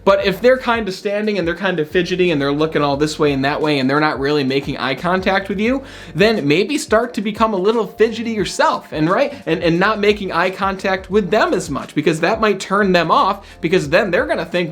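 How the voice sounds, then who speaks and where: A man giving an energetic, conversational self-help lesson, often checking in with the listener by asking "right?". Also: high-pitched, a little fast, faint music behind. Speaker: motivational speaker.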